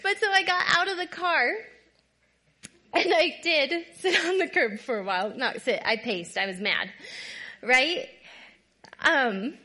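A woman giving a candid personal testimony talk, conversational and often checking in with "right?", moving between soft, quiet passages and louder bursts. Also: high voice. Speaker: guest speaker.

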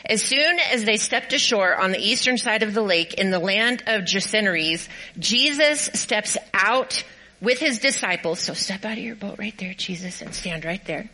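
A woman's voice: medium pitch, expressive, moderate pace, pushed and bright, low-quality recording. A woman pastor giving a sermon, cheerfully directing volunteers through a skit and reading scripture aloud. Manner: upbeat and encouraging.

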